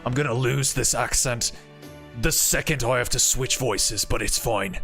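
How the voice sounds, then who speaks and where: Brief: male streamer, loose, joking, swears a lot, mid-pitched. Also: unhurried, fairly bright tone, soft background music. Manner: rambling, joking, swears freely. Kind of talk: casual game-stream commentary.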